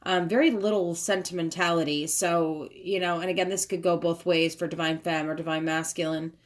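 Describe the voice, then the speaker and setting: Speaking briskly in a fairly low, steady voice, a tarot reader talks through a casual reading and muses aloud as she works with the cards. A phone camera propped up nearby captures her.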